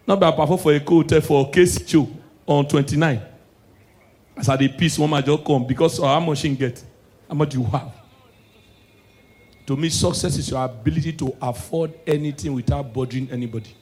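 High-voiced Nigerian man doing stand-up. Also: fairly even intonation, a little fast, long pauses. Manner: mixes Pidgin and English, swings between low asides and shouted punchlines. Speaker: stand-up comedian. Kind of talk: stand-up comedy.

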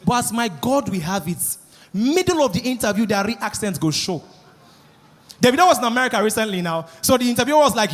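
Nigerian male comic, very high voice, mixes Pidgin and English in his stand-up storytelling. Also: lively intonation, quick pace. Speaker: stand-up comedian. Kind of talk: stand-up routine.

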